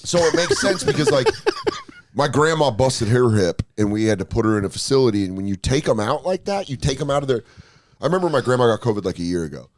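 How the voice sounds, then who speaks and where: A man guesting on a podcast in casual chat, telling animated stories, jumping into put-on voices and laughing through his lines. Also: quick pace. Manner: animated storyteller, jumps into high put-on voices for bits. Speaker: comedian guest.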